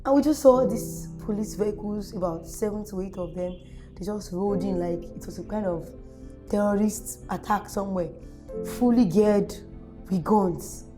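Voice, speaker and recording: Animated Nigerian woman telling a story. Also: mid-range voice, moderate pace, faint music behind. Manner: animated, acts out quoted voices. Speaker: activist guest. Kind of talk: interview storytelling.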